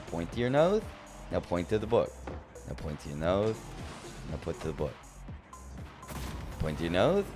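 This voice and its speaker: Playful low-voiced man streaming games. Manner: playful, teasing, talks to chat. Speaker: gaming streamer. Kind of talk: casual live-stream commentary.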